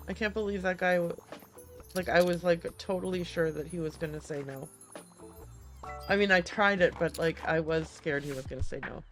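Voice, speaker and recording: A woman's voice: on the low side, fairly quick, soft background music. A woman streamer playing a game, chatty and hesitant as she thinks aloud and reads game text. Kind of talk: let's-play commentary and reading game text.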